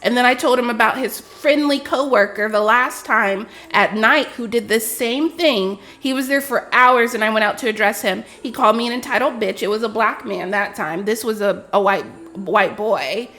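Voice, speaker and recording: A woman's voice: a little high, normal speed, a bit bright. A woman streamer telling a story in a casual, emphatic and indignant rant with frequent swearing.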